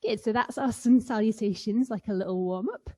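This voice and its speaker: Fairly quick and fairly high-pitched, yet dark in tone, this woman's voice guides children through a playful yoga session. As a kids yoga teacher, she sometimes mimics animals.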